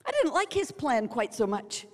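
Woman preacher with a high voice, big dramatic storytelling, long hall echo. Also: huge pitch swings, normal speed. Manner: dramatic storytelling, acting out quotes. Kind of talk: sermon.

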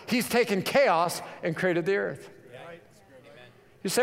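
A man's voice: sits high, slow pace, vocal fry. A man from Colorado preaching a sermon, mixing casual storytelling with emphatic preaching. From Colorado, USA. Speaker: pastor. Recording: long hall reverb.

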